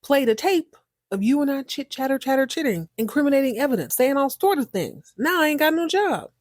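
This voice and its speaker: A hot-tempered male judge, loud and demanding, pitched high and blustering, as a woman puts him on. The voice is dry and close, with no room sound. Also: sing-song, fairly quick, no echo. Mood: indignant.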